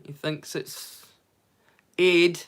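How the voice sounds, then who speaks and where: A man's voice: fairly high pitch, little pitch movement, very slow, smooth. A man hosting a casual livestream watch-along, chatting, joking and swearing freely with his viewers. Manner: greets viewers loudly and brightly. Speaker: livestream host.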